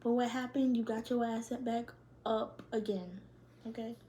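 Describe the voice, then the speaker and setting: A woman's voice: on the high side, steady tone, a little slow, dark tone. A young woman, doing a casual tarot reading in loose, profane slang and laughing often. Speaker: tarot reader.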